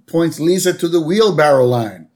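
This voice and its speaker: A man co-hosting a casual podcast, retelling a cartoon episode scene by scene. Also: normal speed. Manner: narrates scenes step by step, with lively pitch. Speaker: podcast co-host. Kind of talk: casual episode recap chat.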